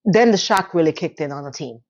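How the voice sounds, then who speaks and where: A woman giving a casual, animated recap of a TV episode, telling the story with voiced quotes. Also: low voice, brisk, dull audio. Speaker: TV recap vlogger.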